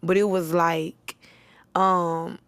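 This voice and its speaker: A woman's voice: on the low side, level tone, extremely slow, a bit bright, clear, resonant tone. Young woman guest, Memphis accent, laid-back, playful, casual interview talk. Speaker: rapper guest.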